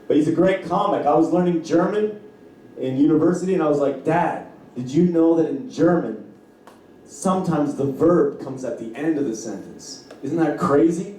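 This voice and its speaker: A man from Canada performing stand-up, with a mellow voice and loose crowd-work banter that slips into acted voices. His mic sounds very echoey and distant in the club. A faint hum sits underneath. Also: a little high, moderate pace. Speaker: stand-up comedian. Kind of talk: stand-up comedy set. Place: comedy club.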